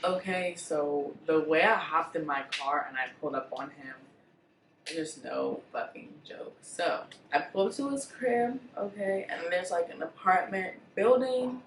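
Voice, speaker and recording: A woman vlogger telling a storytime in a blunt, profane, animated way. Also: fairly low pitch, a little slow, roomy sound, distant mic, slight background noise, rough recording. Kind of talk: storytime vlog.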